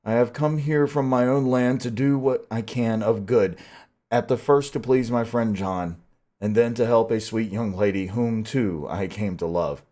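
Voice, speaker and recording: A man's voice: medium pitch, dark tone, lightly acted. A man reading a grave old professor. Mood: pleading. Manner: grave, measured pleading. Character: grave old male Dutch professor, stern yet tender. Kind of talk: audiobook reading.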